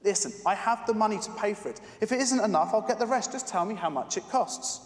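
A man's voice: high-pitched, expressive, fast talker, roomy sound, big-room sound, pitched above the performer's own voice. A man putting on an eager pleading little girl.

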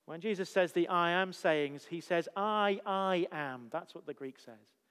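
A man delivers a sermon from the front of a church, his slightly raised voice ringing out with a long reverb. He builds his points through emphatic rhetorical questions in a steady preaching cadence. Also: fairly high pitch, moderate pace. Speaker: pastor.

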